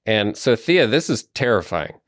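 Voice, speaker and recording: A man's voice: fairly low pitch, big pitch swings, normal speed, no room sound, studio quality. A man narrating a tabletop role-playing game as game master, rambling and chuckling as he describes scenes.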